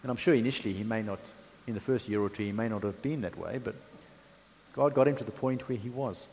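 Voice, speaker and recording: A man's voice: fairly low pitch, fast talker, darkish tone, slight background noise. A man preaching a sermon in a conversational, chatty way, with asides and fillers. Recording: long hall reverb.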